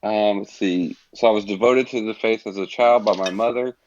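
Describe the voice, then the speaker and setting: A man's voice: lowish voice, fairly even intonation, normal speed, a little hiss or hum. Hesitant man on a dull mic. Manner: hesitant, thinking aloud. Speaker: player. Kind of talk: playing a tabletop game.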